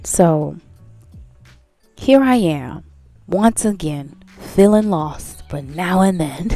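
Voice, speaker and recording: A woman's voice: on the low side, expressive, drawn-out words, pauses often, dark tone, dry recording, faint music behind. Earnest woman giving a healing pep talk. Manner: earnest, repetitive, laughs at herself. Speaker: host. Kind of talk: casual motivational talk.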